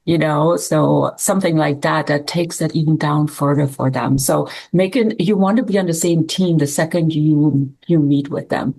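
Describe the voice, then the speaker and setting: Sales coach with a mid-pitched voice and a friendly, reassuring manner. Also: steady tone, moderate pace, vocal fry, hardly any pauses, a little mellow. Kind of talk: coaching session talk.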